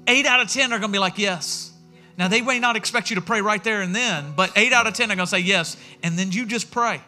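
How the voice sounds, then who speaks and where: A man preaching a sermon as pastor in a church, telling stories in a lively way and acting out what people said. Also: sits high, a little fast, soft background music. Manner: animated storytelling, acting out quotes.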